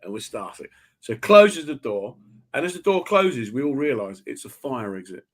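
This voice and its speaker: A man hosting a casual radio chat and telling animated anecdotes, laughing often. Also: mid-range voice, normal speed. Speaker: radio host.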